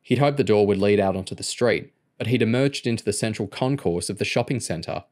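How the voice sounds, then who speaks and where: A man with a lowish voice reads a novel aloud as an audiobook. His storytelling stays steady and even from line to line. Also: a little fast. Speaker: audiobook reader. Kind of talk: audiobook narration.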